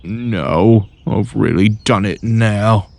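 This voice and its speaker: Brief: man doing a gruff, bossy male tank engine for a storybook, lively swings in pitch. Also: normal speed, a little hiss or hum. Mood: dejected. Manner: barking orders, panting when tired.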